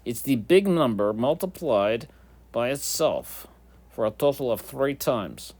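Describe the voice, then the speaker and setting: A man's voice: mid-range voice, sing-song, a little slow, darkish tone, slightly rough. A man teaching a whiteboard math lesson, in a playful, jokey voice that talks to the students like kids.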